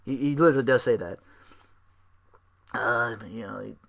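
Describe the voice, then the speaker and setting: A man alone at the mic running his own podcast, with a bright, forceful edge in his voice. He rambles through a recap full of fillers and restarts. His tone stays sarcastic and profane, with mocking put-on voices and tired sighs. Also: medium pitch, moderate pace, creaky. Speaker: podcast host.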